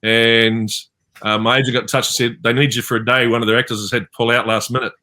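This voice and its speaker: Speaking in a sharp-toned, medium-pitched voice with little pitch movement, this voice actor guest talks fast. He has a New Zealand accent and, on a panel interview over video call, tells meandering stories full of fillers.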